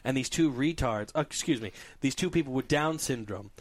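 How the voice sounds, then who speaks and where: A man hosting a casual podcast, telling animated stories and laughing often. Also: mid-range voice, fairly quick. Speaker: podcast host. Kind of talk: casual storytelling chat.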